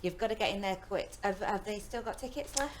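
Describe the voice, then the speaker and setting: A woman co-hosting a radio show, jokey with quick interjections. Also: medium pitch, a crowd in the background. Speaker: radio co-presenter. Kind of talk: casual radio chat.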